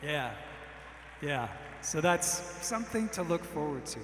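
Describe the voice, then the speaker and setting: Emcee guy, kinda high voice, loose and chatty, big echoey church hall with long reverb. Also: lively intonation, unhurried, slight background noise. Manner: loose and friendly, with many fillers. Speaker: event host. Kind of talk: event emcee remarks. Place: large hall, a former church. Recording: roomy hall with long reverb and faint ambience.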